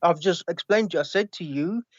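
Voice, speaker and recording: Higher-voiced man on a dull, dry call line. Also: no echo. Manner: hesitant, halting, asks for calm. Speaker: caller in a debate. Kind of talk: live debate call. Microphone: online call.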